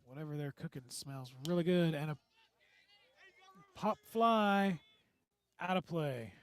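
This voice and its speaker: A man calling play-by-play for a local radio baseball broadcast, with relaxed, folksy banter between pitches. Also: fairly quick. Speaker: play-by-play announcer.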